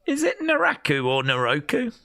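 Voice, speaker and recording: A man's voice: very high voice, huge pitch swings, moderate pace, creaky, pushed and bright, no echo. A man hosting a live watch-along stream, chatting casually and joking in rambling asides.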